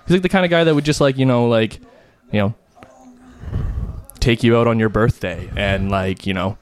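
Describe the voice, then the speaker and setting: A young man hosts a relaxed podcast chat with friends. He rambles and circles back, packing his sentences with fillers. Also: mid-range voice, normal speed. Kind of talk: casual chat.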